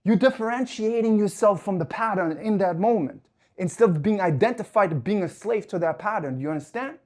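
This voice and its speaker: A life coach delivers a fervent motivational talk between sets at the gym. The voice sits at a middle pitch, pushing hard on key points and swearing for emphasis. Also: lively intonation, a little fast, darkish tone. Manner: talks while working out at the gym.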